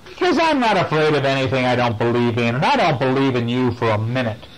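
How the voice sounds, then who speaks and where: A man voicing a calm, unafraid woman in a bedtime story, in a matter-of-fact way. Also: medium pitch, fast talker, natural voice, rough recording. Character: calm, unafraid old woman, plain-spoken.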